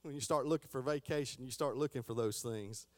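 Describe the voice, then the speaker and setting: A man's voice: medium pitch, brisk, darkish tone. A middle-aged man giving a folksy Sunday school lesson, stumbling and restarting as he reads aloud.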